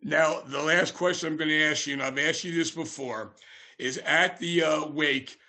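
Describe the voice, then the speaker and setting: A man hosting a casual podcast, telling long stories with lots of "uh" and "um" and restarting his sentences. His voice sits a little high and sounds bright and forward. He talks like he is chatting with an old friend. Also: steady tone, moderate pace. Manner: rambling anecdotes with many fillers, shouting out quoted lines. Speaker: podcast host. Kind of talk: casual storytelling interview.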